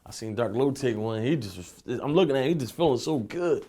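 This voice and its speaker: With a mellow, medium-pitched voice and lively intonation, the young rapper from Philadelphia talks briskly. He's being interviewed and tells casual, streetwise stories, cursing freely and repeating "you know what I'm saying."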